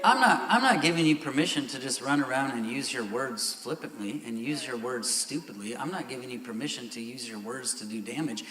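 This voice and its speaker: A man's voice: mid-range voice, expressive, brisk, few pauses, crowd noise. Emphatic male pastor in an echoey church. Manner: candid, building to loud emphatic exclamations. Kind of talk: sermon. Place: church sanctuary.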